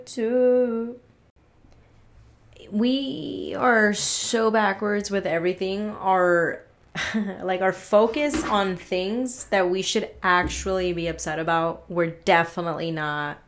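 A woman's voice: mid-range voice, fairly even intonation, takes it slowly. A woman hosting her own podcast, ranting in a casual, exasperated way, swearing freely and restarting her sentences. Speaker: podcast host. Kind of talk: casual solo podcast rant.

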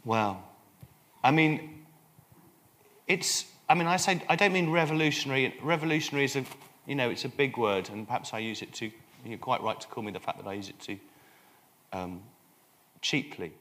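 English guy at a live talk, lots of false starts, gets worked up. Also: mid-range voice. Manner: animated, halting restarts. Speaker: priest and guest speaker. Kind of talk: live public conversation. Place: London event hall.

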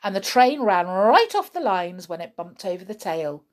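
A woman reading a children's story aloud in an expressive way, with chatty asides to her young listeners. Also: medium pitch, moderate pace, hardly any pauses.

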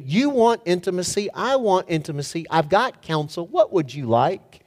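A man preaching a sermon, telling stories and firing rhetorical questions at his audience with animated swings in pitch and volume. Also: normal speed. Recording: long hall reverb.

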